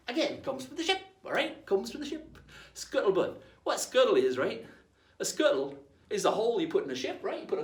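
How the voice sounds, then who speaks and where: A man's voice: medium pitch, a bit bright. A man presenting a playful in-character history lesson as a pirate captain, tagging nearly every line with "right?". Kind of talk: in-character educational talk. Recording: echoey room, mic at a distance.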